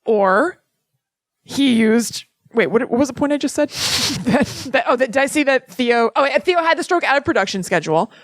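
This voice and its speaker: A woman co-hosting a podcast, her voice sitting a touch high, chatting casually in a close, dry sound. She rambles, laughs often and slips into little acted quotes as she tells the story. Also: animated, moderate pace, dry recording. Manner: giggly, rambling, acts out quotes. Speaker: podcast co-host. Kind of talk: casual chat.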